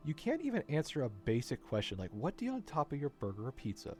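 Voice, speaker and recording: A man's voice: mid-range voice, wildly swooping pitch, quick pace, hardly any pauses, over music. Frustrated man ranting, swearing. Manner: frustrated, swearing, repeats himself. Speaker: vlogger. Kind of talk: unscripted personal rant.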